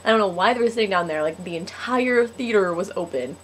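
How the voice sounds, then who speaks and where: A woman's voice: mid-range voice, lively intonation, a little fast, a little hiss or hum. A teenage girl telling a personal story to camera in a casual, giggly way, full of "like". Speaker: vlogger.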